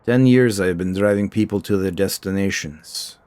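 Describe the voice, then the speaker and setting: A man's voice: low voice, normal speed, darkish tone, dry recording, natural voice. A man voicing a hulking, stern taxi driver with a thick Eastern European-sounding accent, speaking in clipped, formal sentences. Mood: proud. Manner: clipped, formal, few words.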